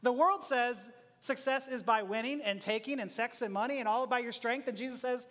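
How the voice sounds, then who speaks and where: A man's voice: very high voice, fairly quick, fairly bright tone. A man preaching a conversational sermon who acts out short prayers and everyday dialogues and often chuckles. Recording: long hall reverb.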